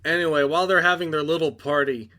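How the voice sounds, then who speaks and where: Sarcastic young man with a bright voice. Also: fairly high pitch, steady tone, fast. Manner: sarcastic, exasperated, dismissive asides. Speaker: TV reviewer. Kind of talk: casual sarcastic review recap.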